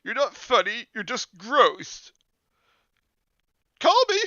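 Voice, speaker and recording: A man voicing an angry, bossy teenage girl in a shrill, drawn-out falsetto, reading a spooky storybook aloud. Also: huge pitch swings, pushed and bright, no room sound, lo-fi sound, heavily acted. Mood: furious.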